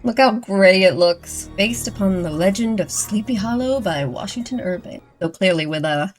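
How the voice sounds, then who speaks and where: A woman's voice: medium pitch, soft background music. A woman hosting a first-time movie reaction, talking casually, gushing and getting worked up, then apologizing for it. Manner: excitable, gushing, quick to apologize. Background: movie audio playing.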